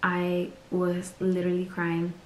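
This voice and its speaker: A woman's voice: lowish voice, completely flat delivery, a little slow, echoey room, a little hiss or hum. A woman vlogger telling a personal story in a candid, chatty way and acting out the people she quotes.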